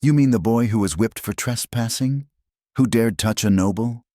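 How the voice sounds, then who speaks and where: Storybook villainess: scheming, haughty noblewoman, sneering, read by a male narrator in a higher voice. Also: animated, moderate pace, darkish tone, dry recording, studio quality, natural voice. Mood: scornful. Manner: mocking, scornful.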